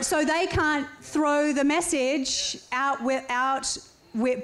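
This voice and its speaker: A woman from Australia, telling stories in casual chat and often laughing as she talks. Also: high voice. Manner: animated storyteller, laughs often, acts out voices.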